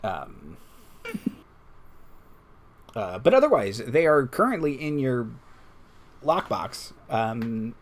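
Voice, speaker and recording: A man narrating as dungeon master, explaining the game world in a measured way with hesitant fillers. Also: mid-range voice, very animated.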